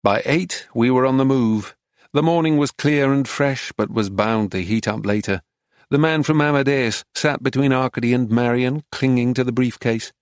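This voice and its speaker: A man narrates an audiobook in a measured, descriptive way at a mid pitch. The recording is close and very dry, with no room sound. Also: no room sound. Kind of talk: scripted first-person narration.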